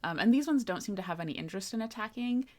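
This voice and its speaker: A woman in a relaxed, conversational voice runs a tabletop game session. She narrates loosely, full of little fillers and laughs, at an ordinary mid pitch. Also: racing. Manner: easygoing, laughs often, many fillers. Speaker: game master.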